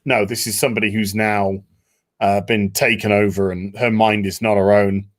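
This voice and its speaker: A man hosting a casual discussion, animated, acting out quotes. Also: fairly low pitch, normal speed. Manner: animated, acts out quotes in voices. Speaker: podcast host.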